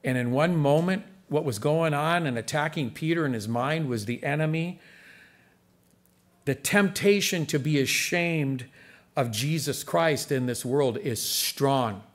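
A man's voice: on the high side, unhurried. A male pastor preaching a sermon in an earnest, conversational way, speaking straight to his congregation and pushing harder on the points he stresses.

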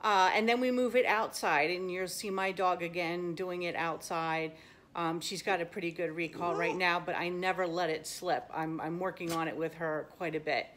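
A woman's voice: lowish voice, steady tone, normal speed, fairly bright tone, a little hiss or hum. A woman dog trainer hosting an at-home obedience lesson, talking upbeat and friendly as she explains each step. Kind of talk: instructional video talk.

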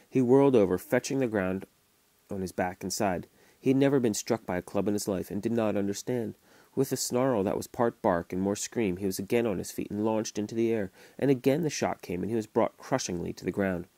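A man reading a classic novel aloud to his children, at a steady storytelling pace with small restarts. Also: fairly low pitch, gravelly, dry recording. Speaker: father reading to his kids. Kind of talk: audiobook narration. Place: home recording.

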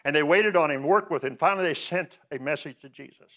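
Emphatic preacher on a dull recording. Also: male voice, on the high side, quick pace, hardly any pauses, pushed and bright. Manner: emphatic, with rhetorical questions and rising stresses. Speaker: pastor. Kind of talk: sermon.

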